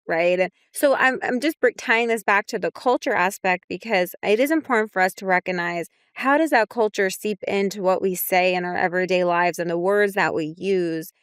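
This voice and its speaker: Young adult woman, clinician guest. Reflective, casual, smooth and clear, dry close mic. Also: mid-range voice, fairly bright tone, no echo. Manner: reflective, many fillers like "right?" and "you know". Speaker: clinician on a parenting podcast. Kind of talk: casual podcast discussion.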